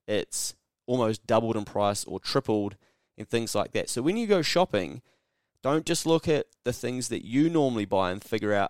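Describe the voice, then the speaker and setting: A man's voice: mid-range voice, expressive, normal speed, darkish tone, clear, resonant tone, dry recording, studio quality. A man with a New Zealand accent hosting a solo podcast, talking bluntly and sarcastically and acting out mock dialogues. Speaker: podcast host. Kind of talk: casual solo podcast monologue.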